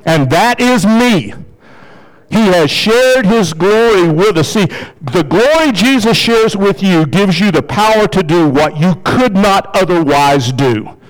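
Emphatic preaching man, slightly high voice. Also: animated, unhurried, low-quality recording. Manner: conversational, emphatic preaching with sudden pitch rises. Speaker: pastor. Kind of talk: sermon.

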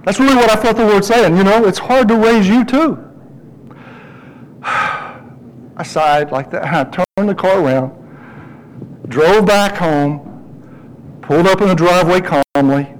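A middle-aged pastor, heard through poor audio, delivers a lively sermon built around a personal story. His voice shoots up high as he quotes himself.

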